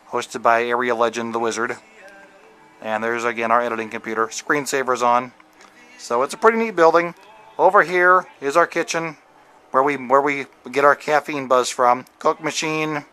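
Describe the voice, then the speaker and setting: Male radio DJ, bright and forceful tone, loose rambling tour-guide delivery with self-aware jokes, camera mic. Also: mid-range voice, clean tone. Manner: rambling and jokey, many fillers and restarts. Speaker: radio DJ giving a station tour. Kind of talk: casual walking tour narration. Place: indoor radio station offices and studios.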